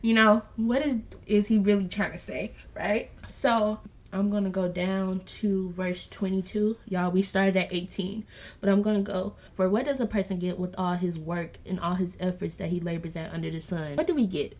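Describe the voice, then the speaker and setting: A woman hosting a casual Bible study podcast, talking earnestly and preachily to her listeners and calling them y'all, then reading scripture aloud slowly and softly. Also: medium pitch, steady tone. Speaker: podcast host.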